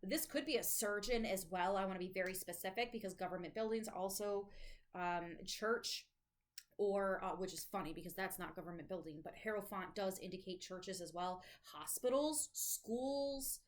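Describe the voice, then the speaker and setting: Recorded at low quality, this woman speaks in a mid-range voice at a moderate pace. She gives a relaxed tarot reading to camera at home, dogs close by, chatting, musing aloud, and swearing once in a while.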